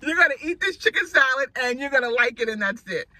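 A man's voice: sits high, racing, sharp tone, no echo, exaggerated voice. A woman quoting her twenty-year-old son, who firmly refuses to hand over fries and lectures her. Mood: stern. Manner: firm, lecturing.

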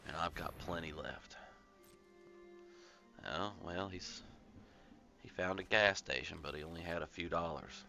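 A man's voice: deep voice, a little slow, vocal fry, pauses often, bright, forceful tone. A man casually commentating his card game with joking, rambling asides. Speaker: gameplay commentator. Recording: game music playing behind.

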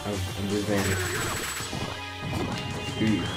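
A young man mutters offhand jokes while he plays a fighting game. His voice sits at an ordinary male pitch and often drops low. Blaring game music nearly covers him. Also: completely flat delivery, takes it slowly, roomy sound. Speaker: gameplay co-commentator. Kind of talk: casual gameplay chat. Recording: very loud game music behind.

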